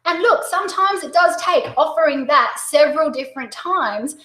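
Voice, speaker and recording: Excitable Australian woman with a high bright voice. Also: roomy sound, low-quality recording. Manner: excitable, upbeat, talks fast. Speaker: direct sales coach. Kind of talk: webinar presentation.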